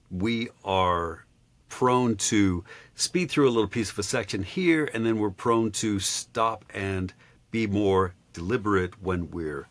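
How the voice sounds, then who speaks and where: Deep-voiced halting man mentor. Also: fairly bright tone. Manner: halting, many uh pauses. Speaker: voice acting mentor. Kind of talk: casual feedback session.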